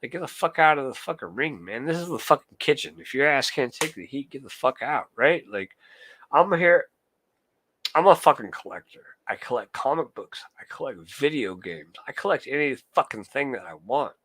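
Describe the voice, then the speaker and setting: A man's voice: medium pitch, expressive, normal speed, fairly bright tone, no room sound. A young man streaming live, ranting heatedly and swearing a lot while answering his chat. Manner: profane, heated, talks to chat. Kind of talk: casual ranting monologue.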